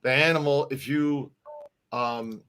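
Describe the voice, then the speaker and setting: A man's voice: medium pitch, steady tone, slow, a bit bright, clean tone. A middle-aged man co-hosting a casual live-stream chat, rambling and often restarting his sentences. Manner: rambling, restarts and repeats words. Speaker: podcast co-host.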